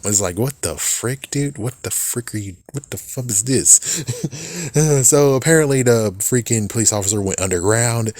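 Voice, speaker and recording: A man's voice: medium pitch, normal speed, darkish tone, no echo, clean studio sound. A man giving a casual, rambling spoiler recap of a movie, swearing often and laughing at it. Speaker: movie reviewer.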